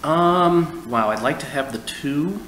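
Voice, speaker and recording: A man's voice: fairly high pitch, expressive, slow pace, fairly bright tone. A man with a Midwestern American accent co-hosting a casual board game playthrough, easygoing and thinking his moves through aloud. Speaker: co-host. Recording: echoey room, faint room noise.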